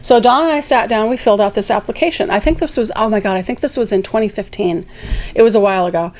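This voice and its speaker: A woman talking as a guest on a casual talk show, telling a story with sarcastic asides and lively quoted voices. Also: medium pitch, fast, slight background noise.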